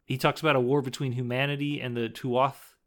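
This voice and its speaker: Chatty man recapping a movie. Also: medium pitch. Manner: animated, acts out quoted lines in quick put-on voices. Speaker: podcast co-host. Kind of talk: casual chat recapping a film.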